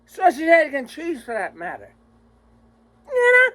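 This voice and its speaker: A man's voice: extremely high pitch, wildly swooping pitch, unhurried, sharp tone, poor audio. A man vlogging a rambling, exasperated, profanity-heavy rant to his viewers. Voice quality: crude, swears constantly, exasperated.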